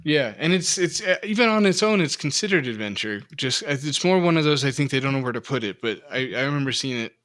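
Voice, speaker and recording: Middle-aged male co-host, bright forceful tone, rambling, self-deprecating. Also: mid-range voice, lively intonation, fast, few pauses. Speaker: podcast co-host. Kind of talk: casual chat.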